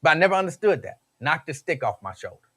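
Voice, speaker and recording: A man hosting a talk radio show, telling stories in an animated, slangy way. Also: a little high, quick pace.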